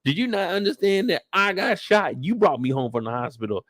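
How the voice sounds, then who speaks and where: A man hosting a casual live chat, telling the story in an animated way with plenty of cursing. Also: high voice, fairly quick, no room sound, clean studio sound. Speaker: show host recapping a TV episode.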